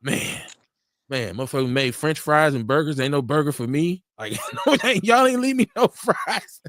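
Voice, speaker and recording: A man hosts a casual live talk show in a fairly high voice that rises and falls widely. He tells stories and acts out other people's lines, laughing often. His mic sound is dry, with no room echo. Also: normal speed. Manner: animated, laughing storyteller acting out quotes. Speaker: show host. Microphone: studio mic for a live stream.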